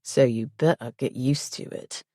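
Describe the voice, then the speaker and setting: Audiobook: woman doing a husky, low, domineering mafia husband, slow and dark. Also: no room sound, clean studio sound. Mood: commanding. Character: possessive, commanding young male mafia husband. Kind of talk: audiobook character voice.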